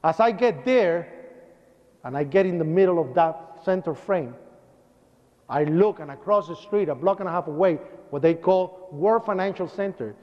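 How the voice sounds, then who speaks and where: A man's voice: sits high, animated, normal speed. A man recounting a traumatic eyewitness story to a lecture audience, vividly acting out sounds and cries. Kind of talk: dramatic first-person storytelling to an audience. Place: lecture hall. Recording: dull lo-fi recording with long hall reverb.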